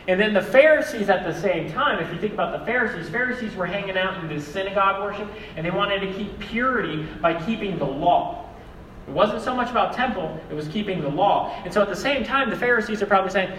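A young man preaching a sermon as a pastor, animated and acting out quoted voices. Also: high voice, moderate pace, a little hiss or hum. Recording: echoey hall, mic far off.

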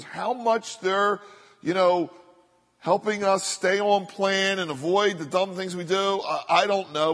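Earnest pastor preaching in an echoing hall. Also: male voice, fairly high pitch. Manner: earnest preaching that drops to soft slow repetitions for emphasis. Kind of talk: sermon. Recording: long reverb of a large hall.

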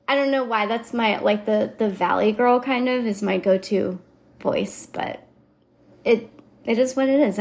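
A woman hosting her own book podcast, firing back at reviews with sarcastic, playful remarks. Her voice sits somewhat high and she talks at an unhurried pace. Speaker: podcast host. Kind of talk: casual chat reading reviews aloud.

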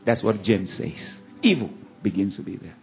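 A male pastor preaching a sermon, leading the congregation in call-and-response and swinging from loud exhortation to quiet asides. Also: sits low, lively intonation, normal speed, gravelly, soft background music. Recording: phone-like narrow band.

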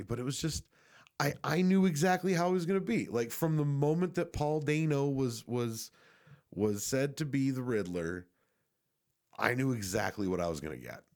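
A man's voice: mid-range voice, darkish tone. A young man giving a casual, rambling movie review, swearing freely and restarting his sentences often. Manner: rambling, profane, frequent restarts and fillers.

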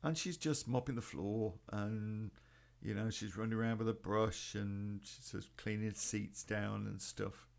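A man's voice: lowish voice, steady tone, a little slow, gravelly. A man telling a rambling personal story in a casual, sweary way, full of ums and restarts. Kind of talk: casual spoken anecdote.

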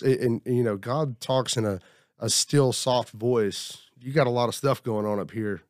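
At a table in casual group talk, a man shares about his week, rambling and self-reflective, acting out quotes from others. He speaks at normal speed in a fairly low voice, studio quality with no echo.

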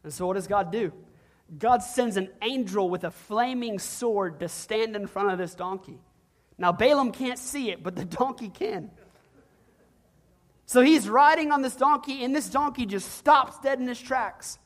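A pastor preaching a sermon in an animated, humorous storytelling way, acting out little voices along the way. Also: medium pitch, a little slow.

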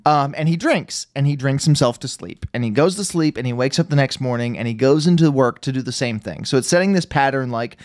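A man's voice: mid-range voice, expressive, fairly quick, few pauses, darkish tone, dry recording, studio quality. A man recapping a movie in casual podcast chat, rambling and sarcastic, with lots of fillers.

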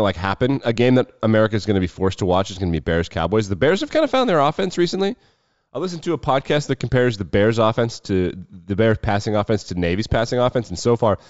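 A man's voice: lowish voice, a little mellow, no room sound, lo-fi sound. Profane wry man talking football bets. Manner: profane, wry, rapid-fire asides. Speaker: sports betting show host. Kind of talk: casual solo sports talk.

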